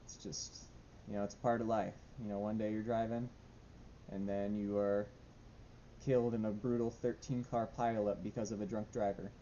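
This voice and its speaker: A man's voice: fairly low pitch, level tone, normal speed, warm tone, lo-fi sound, slight background noise. A young man talking casually in a diary vlog at home, rambling and self-deprecating with many fillers. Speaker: vlogger. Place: home room.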